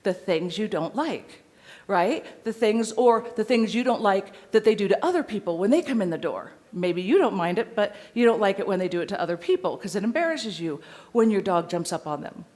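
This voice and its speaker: Animated woman dog trainer addressing an audience. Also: medium pitch, fairly quick. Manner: animated, addresses audience directly with tag questions. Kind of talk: live seminar talk. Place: room with a live audience.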